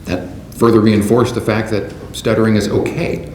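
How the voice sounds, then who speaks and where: A man delivering a prepared, measured keynote speech to a conference audience in a large hall. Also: fairly low pitch, fairly even intonation, a little mellow. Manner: measured, deliberate delivery from a script. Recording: roomy hall sound with faint background noise.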